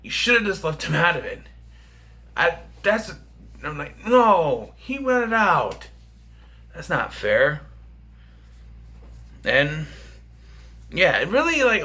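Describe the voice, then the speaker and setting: A man talks through a film review in a loose, rambling way, full of fillers and restarts. His voice is bright and a little high. His pitch bounces around animatedly. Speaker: movie reviewer. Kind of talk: casual film review vlog.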